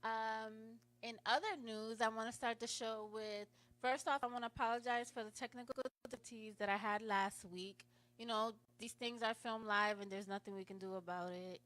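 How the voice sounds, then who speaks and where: A woman's voice: fairly high pitch, steady tone, normal speed, fairly bright tone, low-quality recording. A woman hosting a live talk show, rambling through a film's story with many restarts.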